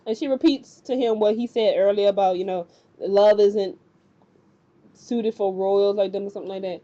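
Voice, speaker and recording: Chatty female recapper, slangy and loose. Mellow, slightly high voice on a dull lo-fi recording. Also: steady tone, moderate pace. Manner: rambling and colloquial, acting out characters' lines. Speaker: TV recap vlogger. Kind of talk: casual episode recap.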